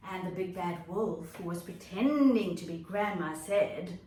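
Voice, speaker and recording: A woman teacher telling a story to young children, slow, expressive and animated. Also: lowish voice, echoey room, distant mic, a little hiss or hum.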